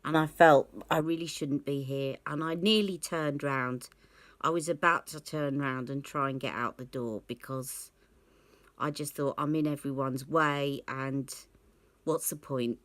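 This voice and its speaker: A woman's voice: very deep voice, fairly even intonation, a little slow, no echo. A woman vlogging about beauty, candidly recounting a personal story and acting out the conversations she remembers. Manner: candid, reflective, acts out remembered dialogue.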